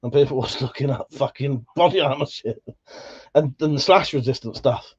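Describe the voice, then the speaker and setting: A man's voice: mid-range voice, normal speed, slightly rough, lo-fi sound. Sweary Buckinghamshire man chatting on stream. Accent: Buckinghamshire English. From England. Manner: relaxed, sweary, laughs often. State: slightly worn voice. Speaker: livestream host reading chat. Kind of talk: casual chat.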